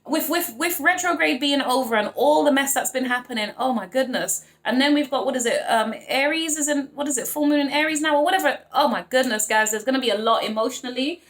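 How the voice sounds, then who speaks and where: A woman's voice: high voice, fast, hardly any pauses, a bit bright, echoey room. A young woman doing a casual tarot reading to camera, gushing and emotional, and talking straight to her viewers. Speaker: tarot reader.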